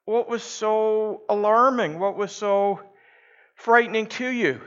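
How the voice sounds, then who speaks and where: A man doing an earnest woman who runs a hospital, voice lifted high and sincere as she reassures. The sound is a little dull and lo-fi, as from a modest church recording. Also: slow, fairly bright tone. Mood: puzzled, earnest. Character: earnest female hospital administrator.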